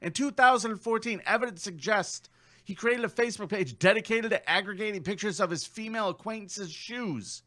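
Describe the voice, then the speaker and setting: Brief: profane male comedy co-host, deadpan, high bright voice. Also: brisk. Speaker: podcast co-host. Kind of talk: casual comedy chat.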